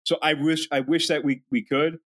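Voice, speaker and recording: A man co-hosting a podcast in casual chat, profane and rambling, slipping into animated impressions. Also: fairly high pitch, normal speed. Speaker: podcast co-host.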